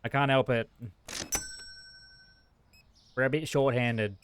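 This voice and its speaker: A young man streaming a shop game, talking fast and frazzled to his customers and himself. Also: medium pitch, steady tone, smooth, no echo. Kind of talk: live-streamed gameplay commentary.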